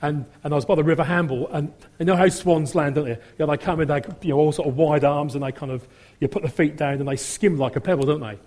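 A middle-aged man shares his testimony in a mellow, husky voice that sits a little high for a man. He rambles with plenty of ums and acts out the voices of people he quotes. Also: fairly even intonation, quick pace. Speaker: testimony speaker. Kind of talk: personal testimony storytelling.

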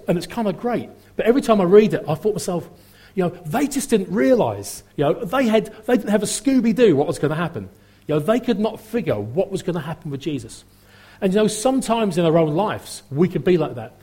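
A man's voice: a little high, sing-song, brisk, warm tone, husky. A middle-aged man from Norfolk with a Norfolk accent, preaching a sermon in a chatty, humorous way, often repeating and restarting his phrases. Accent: Norfolk English. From Norfolk, England.

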